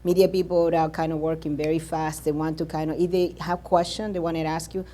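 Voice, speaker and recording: A woman panelist with a low voice speaks in a halting way. She often pauses and starts over, then states her points bluntly. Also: little pitch movement, warm tone. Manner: halting, many fillers and restarts, direct. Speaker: conference panelist. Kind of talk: panel discussion.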